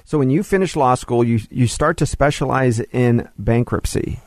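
A male talk show host guides his guest along and speaks straight to listeners. His remarks are pointed and opinionated. His voice sits at an ordinary pitch, recorded dry and close. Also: moderate pace, darkish tone, no room sound. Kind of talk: casual interview chat.

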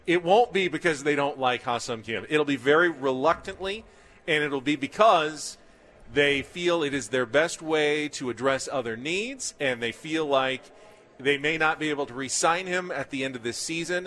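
A man co-hosting a sports talk show, explaining his views in a measured, emphatic way. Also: on the high side, a bit bright. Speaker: sports radio co-host.

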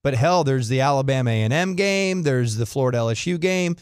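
A man's voice: mid-range voice, expressive, a little fast, clear, resonant tone, dry recording, studio quality. A man co-hosting a casual sports chat, chatty and teasing in his banter. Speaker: co-host.

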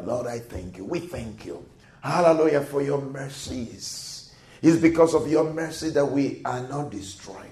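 A man preaching and praying as a pastor, repeating phrases as his voice swells loud and drops low. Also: animated, roomy sound. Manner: slow, swelling preaching with repeated phrases, rising to near-shouts and dropping low. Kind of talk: sermon with prayer.

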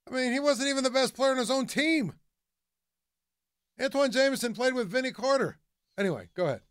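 A man in casual sports talk who tells stories in an animated, excitable way. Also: extremely high pitch, a little fast, clean tone, no echo, clean studio sound.

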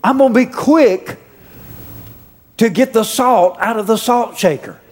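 A man preaching a sermon to a congregation, asking them questions and calling out louder as he builds. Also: extremely high pitch, unhurried. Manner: preachy, calls out to the congregation with rising shouts. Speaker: pastor.

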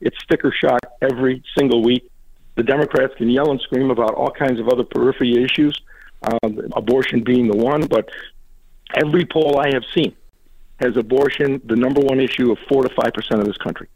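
A man's voice: mid-range voice, fairly even intonation, a little mellow. A man speaking as a guest on a radio talk show, answering in an emphatic, indignant way. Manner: emphatic, indignant, quick asides. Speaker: political guest. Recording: tinny phone line.

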